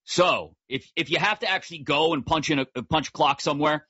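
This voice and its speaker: Guy hosting sports talk radio, punchy bright voice, jokey fast asides, dry kinda dull studio sound. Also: fairly high pitch, slightly rough, no room sound.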